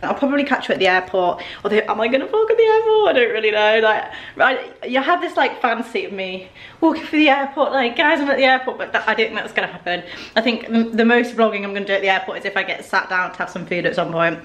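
A young woman vlogs to the camera from inside her home, chatting and rambling with plenty of "like" fillers. Her voice is medium in pitch, a bit bright, and she talks at a quick pace.

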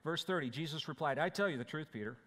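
A man preaching in a church, walking through scripture verse by verse in a plain, conversational way. His voice sits a little high for a man, and the sound trails off in the long reverb of the sanctuary. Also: lively intonation, fast, a bit bright. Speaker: pastor. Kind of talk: sermon.

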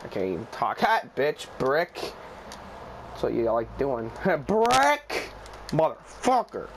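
A young man commentating his own basketball video game play, swearing a lot, shouting when shots go in and muttering low between them. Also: huge pitch swings, takes it slowly, creaky, slight background noise. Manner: loud, profane, hyped shouting at plays, then low muttering. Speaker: gaming YouTuber. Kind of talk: excited gameplay commentary.

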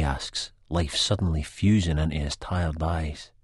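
A man's voice: a bass voice, fairly even intonation, measured pace, few pauses, breathy edge, no room sound, clean studio sound. A man with a Scottish accent reading a first-person audiobook in a blunt, sweary, broad dialect. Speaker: audiobook narrator.

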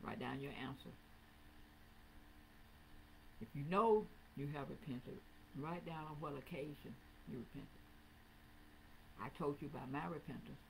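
A woman pastor preaching a sermon in a church, rising into sing-song repeated calls and dropping low to talk plainly with the congregation. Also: normal speed, vocal fry, a little hiss or hum, rough recording. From Southern United States. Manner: preaching with swelling, sing-song emphasis and repetition. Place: church sanctuary, also streamed online.

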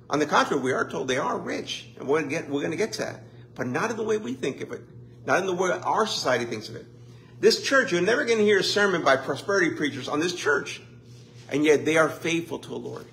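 A pastor preaching a conversational sermon in a church, with lively asides and mock complaints. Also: male voice, high-pitched. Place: church sanctuary.

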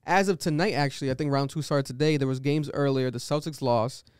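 Young man, podcast host, animated slangy chat, smooth clear voice, dry studio sound. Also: medium pitch, brisk, no room sound. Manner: animated, slangy storytelling with swearing. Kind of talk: casual chat.

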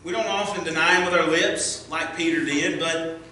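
A man preaching a sermon as pastor, earnest, rising as he reads scripture and hushed in prayer, recorded in a church sanctuary. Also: a little high, fairly even intonation, moderate pace, far from the mic, a little hiss or hum. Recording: echoey church from afar.

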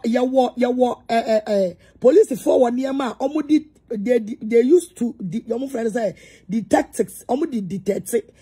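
A Ghanaian woman preacher speaks with a deeply raspy, mellow voice set a little high. She hammers home her points, repeating herself and calling people out. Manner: emphatic, repetitive, confrontational. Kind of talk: heated public address.

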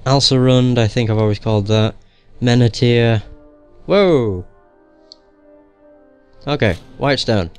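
A man's voice: mid-range voice, measured pace, long pauses, a little mellow, clean tone, faint music behind. A young man giving casual gameplay commentary in a joking, profane, sarcastic way.

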